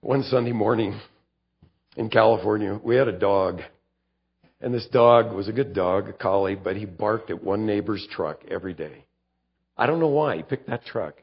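A male pastor preaching a conversational sermon, acting out quoted lines and stumbling over quick restarts. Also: on the low side, husky, highs cut off.

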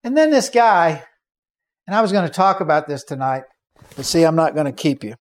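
A man preaching to a congregation, his voice sitting a little higher than most men's. He tells stories with energy, acting out the voices of the people in them and breaking into shouts at the high points. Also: brisk. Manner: animated, acts out quoted voices and shouts. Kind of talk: sermon storytelling.

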